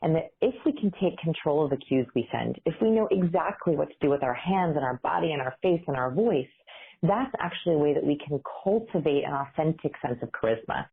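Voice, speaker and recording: Low, husky woman guest, animated explainer, heard over a tinny phone-like remote line. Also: a little fast. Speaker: interview guest, behavior researcher.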